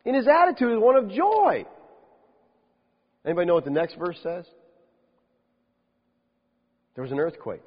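A man preaching a sermon as a pastor, lively, with rhetorical questions and dry humorous asides. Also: high voice, moderate pace, pauses often, slightly rough. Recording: dull lo-fi sound with long reverb.

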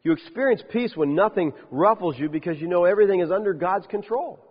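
Man, pastor, sermon, high husky voice, rhetorical questions, dry asides, muffled lo-fi recording. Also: fast talker. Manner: animated preaching with rhetorical questions and wry asides. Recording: dull lo-fi sound with long reverb.

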